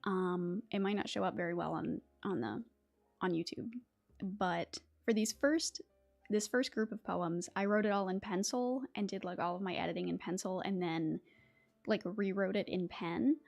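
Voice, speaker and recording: A woman's voice: medium pitch, moderate pace, creaky, darkish tone, faint music behind. A woman from West Virginia hosting a casual livestream, chatting, laughing often and reading poetry aloud. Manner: chatty, laughs often, many fillers and restarts. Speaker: YouTube host.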